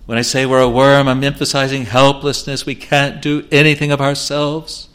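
A man's voice: medium pitch, little pitch movement, moderate pace, a bit bright. A male preacher delivering an evangelistic sermon with earnest, pleading appeals.

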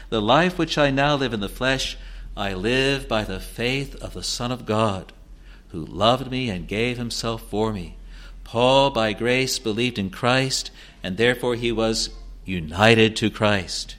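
A man preaching an expository sermon, quoting scripture in old wording and repeating phrases for emphasis, moving between hushed low passages and rising, insistent declarations.

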